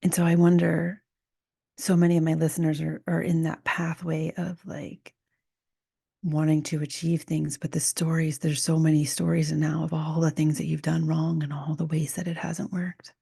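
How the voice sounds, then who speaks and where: Soft gravelly-voiced woman musing half-whispered. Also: deep voice, level tone, normal speed, no echo, studio quality. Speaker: podcast host. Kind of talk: reflective solo podcast talk.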